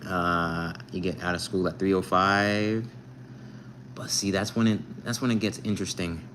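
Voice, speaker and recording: A man's voice: low-pitched, flat delivery, moderate pace, a bit bright, slight background noise, low-quality recording. A young man casually chatting with viewers on a live stream, reading their comments aloud and joking with them. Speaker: livestreamer.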